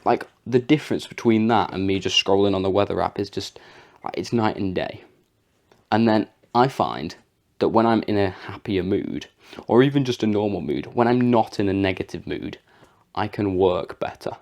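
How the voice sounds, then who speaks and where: A young man talks casually about mindset, rambling through plenty of fillers. His voice sits low and has a gravelly fry, roughened further by a sore throat. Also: moderate pace, a little mellow. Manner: rambling and chatty, with frequent fillers and laughs. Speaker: vlogger. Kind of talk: casual motivational talk to camera.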